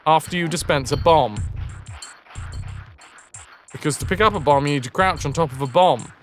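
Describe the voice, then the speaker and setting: Streaming a retro game live, this man has a voice on the high side and a moderate pace. He talks casually to his viewers about the gameplay, joking, swearing, and musing out loud, with faint music behind him.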